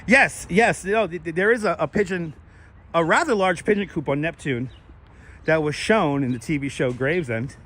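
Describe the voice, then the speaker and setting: Chatty, bright-voiced New man. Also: on the high side, animated, moderate pace. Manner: chatty, thanks viewers for donations. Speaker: livestream host. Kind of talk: casual walking livestream chat. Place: outdoors on city streets. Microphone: wireless clip-on mic, phone on gimbal.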